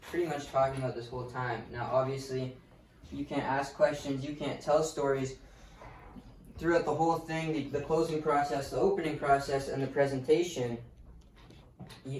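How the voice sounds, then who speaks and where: A man's voice: mid-range voice, a little mellow, distant mic. A man teaching sales in a loose, blunt way, swearing often as he talks. He sounds a little away from the mic in a roomy, echoing space. A faint hiss sits underneath. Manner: casual, blunt, swears freely. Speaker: sales coach. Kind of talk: motivational sales lesson.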